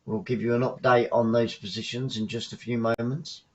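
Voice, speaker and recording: A man from the south coast of England with a Southern English accent, giving chatty live football commentary as a fan, shouting on goals. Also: medium pitch, little pitch movement, normal speed, muffled recording.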